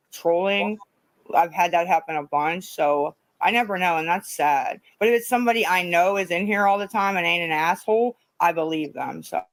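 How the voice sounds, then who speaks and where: A woman's voice: on the low side, no room sound, poor audio. A woman chatting casually on a livestream, rambling, repeating herself and swearing freely. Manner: rambling, profane, repetitive.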